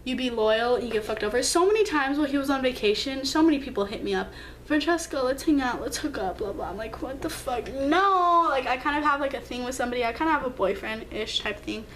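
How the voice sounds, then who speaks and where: A young woman telling a storytime vlog, emphatic and upset, swearing freely and jumping up in pitch as she acts out a text exchange. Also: quick pace, fairly bright tone, a little hiss or hum. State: upset, hurt. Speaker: vlogger.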